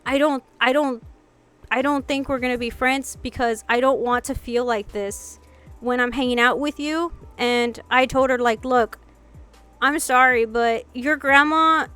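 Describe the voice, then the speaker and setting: High-voiced young woman telling a story. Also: moderate pace, clear, resonant tone, soft background music. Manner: animated, acts out quotes, many "like"s and restarts. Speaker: vlogger. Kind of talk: storytime chat.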